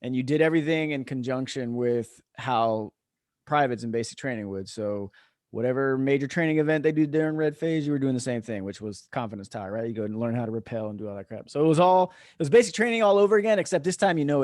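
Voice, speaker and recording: A man's voice: medium pitch, fast, darkish tone, no echo, clean studio sound. A man on a remote call, telling stories in a laid-back, casual way, swearing freely and chuckling as he goes. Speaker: podcast guest, retired veteran. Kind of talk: casual storytelling.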